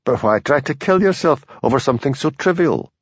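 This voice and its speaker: A man as a gentle village policeman. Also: mid-range voice, animated, a little fast, husky, no echo, voice pushed up. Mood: calm. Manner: gentle, plain-spoken. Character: patient Highland village policeman. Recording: dull dry lo-fi audio.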